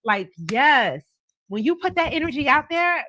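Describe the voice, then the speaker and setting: A woman's voice: high-pitched, animated, measured pace, sharp tone, slight background noise. A woman hosts a livestream, chatting casually and animatedly with viewers and answering their comments. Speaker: tarot reader livestream host. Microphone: camera on a stand.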